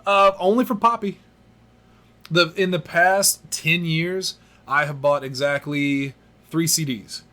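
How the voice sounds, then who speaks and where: Bright-voiced guy on a podcast, kinda high, telling stories and laughing at himself. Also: slow pace. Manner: animated storyteller, laughs at himself. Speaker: podcast host. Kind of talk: casual podcast chat.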